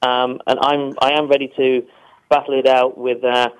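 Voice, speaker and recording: A man speaking as a guest on a radio panel, measured and polite, pausing with fillers. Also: medium pitch, flat delivery, clean tone, low-quality recording. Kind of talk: casual radio chat.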